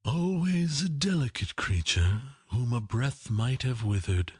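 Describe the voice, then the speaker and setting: A man voicing a soft-spoken, grave spirit in an audiobook reading. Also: medium pitch, expressive, measured pace, husky, dry recording, clean studio sound, pitched above the performer's own voice.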